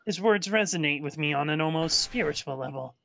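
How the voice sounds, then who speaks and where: A man's voice: on the high side, a little fast, vocal fry, over a noisy crowd. A man playing a tabletop game, talking in a dry, joking way. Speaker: player. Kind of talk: casual tabletop play.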